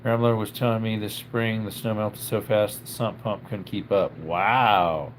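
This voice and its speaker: A man's voice: fairly low pitch, steady tone, unhurried, a little hiss or hum. A man, a little under the weather with a tickle in his throat, hosting a casual live stream and chatting through viewer comments.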